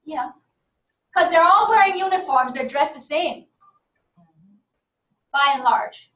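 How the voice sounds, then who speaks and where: A woman's voice: high voice, animated, slow, sharp tone. A woman giving a university lecture in a classroom, chatty and often checking that the class agrees. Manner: conversational, asks the class for agreement. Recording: echoey room from far off.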